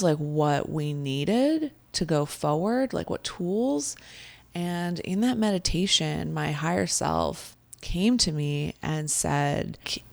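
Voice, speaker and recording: A young adult woman, a spiritual coach, telling a personal story to camera in a chatty, animated way with lots of fillers. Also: sits low, creaky, no room sound.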